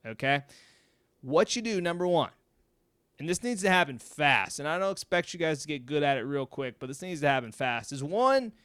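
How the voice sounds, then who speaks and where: A man's voice: a little high, animated, moderate pace, fairly bright tone, clear, resonant tone, no echo, clean studio sound. A man talking casually to camera at home. He is blunt and chatty, checks in with "okay?" and swears now and then. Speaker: mental health video host. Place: home room.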